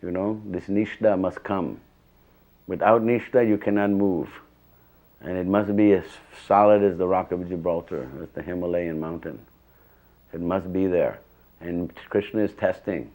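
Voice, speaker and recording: A man's voice: deep voice, measured pace, darkish tone. An older man in an interview, earnestly recalling his spiritual teacher in rambling, emphatic stories. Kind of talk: reminiscing interview.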